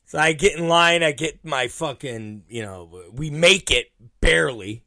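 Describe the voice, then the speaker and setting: A man's voice: fairly high pitch, measured pace, vocal fry, bright, forceful tone, dry recording, clean studio sound. Profane rambling male podcast host. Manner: profane, rambling, laughs at his own stories. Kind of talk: casual storytelling monologue.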